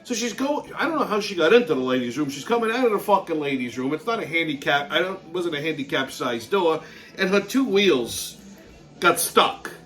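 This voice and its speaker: A man's voice: a little high, big pitch swings, fairly quick, a bit bright. A man hosting his show, ranting bluntly in a heavily profane monologue and laughing through his own stories. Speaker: show host.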